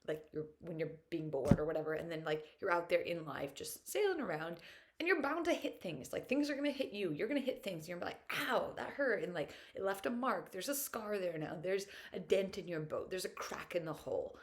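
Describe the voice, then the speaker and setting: A woman's voice: lowish voice, expressive, fairly quick. Chatty, upbeat young woman. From United States. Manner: chatty and upbeat, full of "like" fillers; earnest and openly emotional at times. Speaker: vlogger. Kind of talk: casual reflective monologue.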